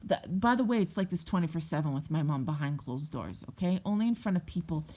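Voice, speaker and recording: A woman's voice: deep voice, expressive, quick pace, dark tone. A woman telling a personal story in a vlog, intense and emotional, with frequent swearing. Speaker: vlogger.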